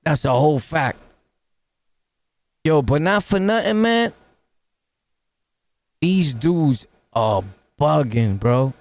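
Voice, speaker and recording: A New York man talks close into his mic, offering casual reaction commentary. His voice sits a bit high, with a gravelly edge. He throws street slang and laughing asides through a dry, close sound. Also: expressive, slow, long pauses, a little mellow, no room sound. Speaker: reaction streamer.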